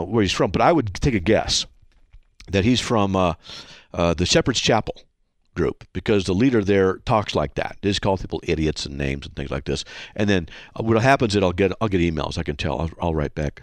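A man hosts a radio call-in show, reading out mail in a mocking tone and laughing often. His pitch swings widely. He is recorded close and dry on a studio mic. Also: a little fast, dry recording. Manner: animated and mocking, with frequent laughs.

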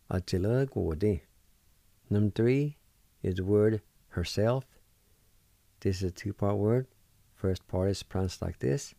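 Male radio host, language teacher; patient and encouraging, mellow tone, dry close sound. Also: fairly low pitch, unhurried, vocal fry, long pauses, no room sound. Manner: patient, spells words letter by letter and repeats them. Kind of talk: slow spelling and pronunciation lesson.

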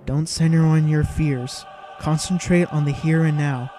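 A man voicing a calm older male mentor who gives measured, steady instruction, in a storybook reading. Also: a little high, a little hiss or hum, close to an everyday voice.

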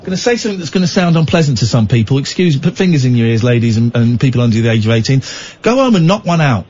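A man's voice: mid-range voice, very animated, fast talker, darkish tone, slight background noise. A man hosting a late-night radio phone-in, talking bluntly and jokily, often rambling and restarting. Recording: dull lo-fi radio broadcast.

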